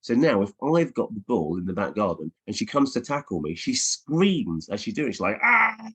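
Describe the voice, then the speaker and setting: This children's author, a middle-aged man, speaks fairly quickly with a fairly low pitch, a breathy edge, and lots of animation. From his home office he holds a casual virtual Q&A with schools over video, reading aloud and staying playful amid frequent ums and restarts.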